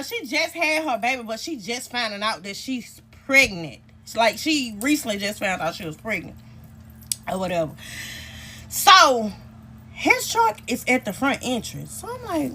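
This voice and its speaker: Animated high-pitched storytelling woman. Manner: animated, profane, addresses viewers directly. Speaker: storytime vlogger. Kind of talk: casual storytime rant.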